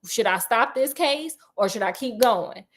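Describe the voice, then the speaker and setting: A woman's voice: a little high, animated, a little slow, fairly bright tone, heavily acted. A woman voicing a male detective who talks in blunt, modern street slang, sounding like her own voice. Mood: troubled.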